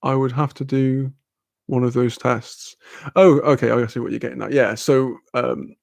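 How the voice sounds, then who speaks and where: A man's voice: mid-range voice, steady tone, normal speed, creaky, dry recording. A young British man in casual chat with viewers, rambling, laughing often and swearing offhand. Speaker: streamer chatting with viewers.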